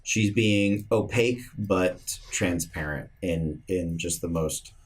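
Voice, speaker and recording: Very low husky game master. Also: male voice, slow pace. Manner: hesitant, restarts while describing. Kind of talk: narrating a tabletop game.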